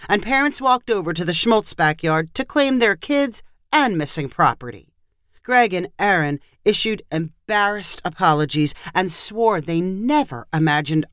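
Woman narrator, animated story reading, dry close mic. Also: lowish voice, moderate pace, no echo.

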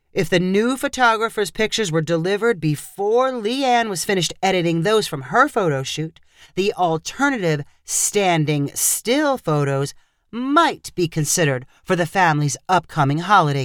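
A woman narrating a scripted story in an expressive storyteller manner. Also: on the low side, smooth, no echo, studio quality.

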